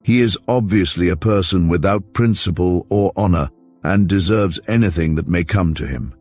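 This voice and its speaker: A man voicing a fussy, mild middle-aged investigator who speaks softly and pedantically, low in pitch, for an audiobook. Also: normal speed, faint music behind. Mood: prim.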